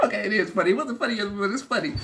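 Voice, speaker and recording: A man's voice: sits high, racing, pushed and bright, slight background noise. A man hosting a comedic news show in a loose, rambling monologue, laughing at his own jokes.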